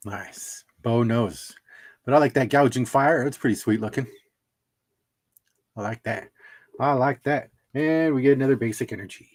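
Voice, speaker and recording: A man's voice: medium pitch, moderate pace, pauses often. Chatty man hosting a card livestream. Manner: chatty, laughs at his own jokes. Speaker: livestream host opening trading cards. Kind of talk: casual livestream chat.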